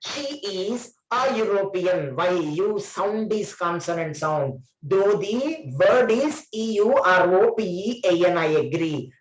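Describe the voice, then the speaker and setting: A man giving a classroom grammar lecture, emphatic and often quizzing his students. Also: high voice. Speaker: trainer. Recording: roomy classroom echo.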